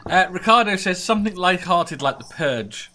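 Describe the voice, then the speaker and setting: A man's voice: sits high, lively intonation, moderate pace, heavy background noise. A man hosting a casual group chat show, reading out listener comments and joking along. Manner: joking, reads comments aloud.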